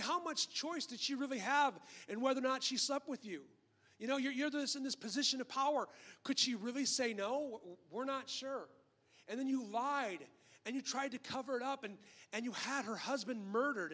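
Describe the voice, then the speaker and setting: A male pastor preaching a sermon in a relaxed, conversational storytelling way, often repeating and restarting words, acting out the quotes and dropping in joking asides. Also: very high-pitched, moderate pace, long reverb tail. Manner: frequent word repeats and restarts.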